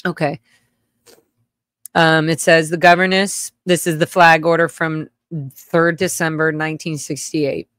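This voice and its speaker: A woman hosting a livestream, telling her own childhood story in a halting, emotional way with blunt swearing and many restarts. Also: low-pitched, level tone, fairly bright tone, dry recording, studio quality. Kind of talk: casual personal storytelling.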